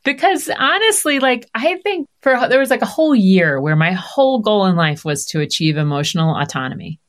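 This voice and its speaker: Lively woman talking candidly. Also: medium pitch, fairly quick. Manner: animated, acts out quoted voices. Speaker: podcast guest. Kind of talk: candid conversational interview.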